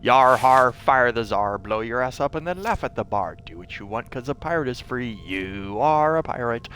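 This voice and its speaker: A boisterous pirate captain chanting rowdily in a sing-song swing, as a man puts him on during a game stream. The tone rings bright and sharp, with a faint hiss of noise behind it. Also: mid-range voice, expressive, moderate pace, lightly acted. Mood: rowdy chant.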